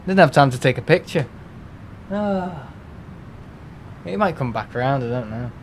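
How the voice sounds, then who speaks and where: A man live-streaming from home, excitable and quick to laugh and exclaim as he chats. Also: medium pitch, slight background noise.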